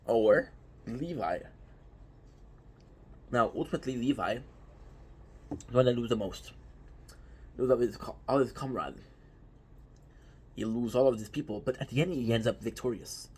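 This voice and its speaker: A man talking casually and with energy, his voice a little husky and grainy. He keeps stressing his points and asking rhetorical questions as he speaks straight to his audience. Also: mid-range voice, normal speed, long pauses. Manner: animated, emphatic, with repeated rhetorical questions. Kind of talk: casual anime talk to viewers.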